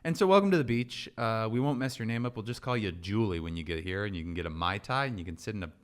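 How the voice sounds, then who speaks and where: A man co-hosting a podcast, reading listener shout-outs and teasing his co-host in playful banter. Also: lowish voice, lively intonation, quick pace, clear, resonant tone. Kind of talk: casual chat.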